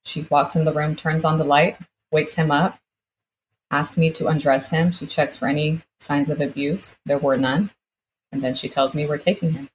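A woman's voice: low-pitched, fairly even intonation, moderate pace, slight background noise, low-quality recording. A woman guest telling a personal story vividly, acting out the exchanges she recounts. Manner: vivid retelling, acts out quoted exchanges.

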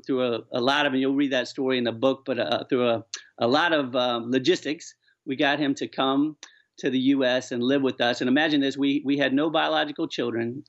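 A man telling stories earnestly and with animation as an author guest on a radio interview. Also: mid-range voice. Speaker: author and charity founder, guest. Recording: dull lo-fi sound.

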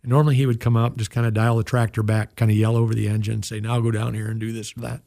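An older man, a pastor, telling a heartfelt story from his youth in an earnest, emotional way. His voice sits low, gravelly and husky. The sound is dry and close. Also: level tone, fast talker, warm tone, no room sound. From United States. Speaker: pastor and guest. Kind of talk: storytelling in an interview.

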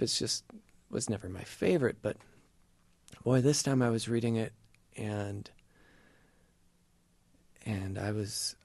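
Man, middle-aged, earnest testimony, halting pauses, gravelly, dry close sound. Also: medium pitch, darkish tone, no room sound. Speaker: guest sharing a personal faith story. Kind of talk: conversational testimony.

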